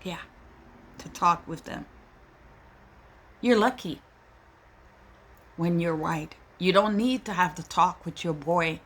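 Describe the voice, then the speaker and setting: A woman speaks slowly and deliberately in a bright, forceful voice. Her monologue is impassioned and pleading, full of indignation as she addresses her listeners directly as a mother. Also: fairly low pitch.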